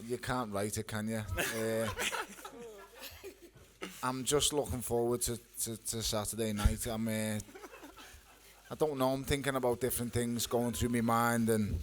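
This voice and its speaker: A boxer at a press conference who answers with blunt jokes and casual swearing. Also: male voice, mid-range voice, noisy background.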